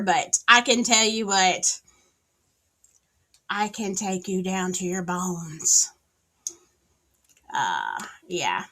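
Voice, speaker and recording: Southern woman streamer, unhurried, lively pitch, bright voice, sassy chat. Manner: chatty, greets viewers by name, sassy asides. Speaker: livestream host. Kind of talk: casual livestream chat. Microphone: streaming setup, wired in.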